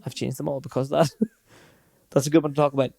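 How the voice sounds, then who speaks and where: A man's voice: medium pitch, level tone, fast talker, vocal fry, warm tone. A man, co-hosting a podcast in casual chat and telling stories with frequent laughs. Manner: storytelling, laughs often while talking. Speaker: podcast co-host.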